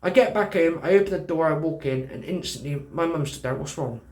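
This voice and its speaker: Animated British man in an echoey room. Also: fairly high pitch, fairly quick. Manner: animated, swearing, acts out dialogue. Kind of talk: casual storytelling.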